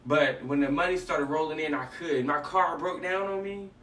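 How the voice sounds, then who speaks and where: A man's voice: a little high, moderate pace. A man hosting a casual faith talk, telling stories animatedly and acting out what people said. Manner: animated storytelling, acts out dialogue. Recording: echoey room, mic at a distance, faint noise.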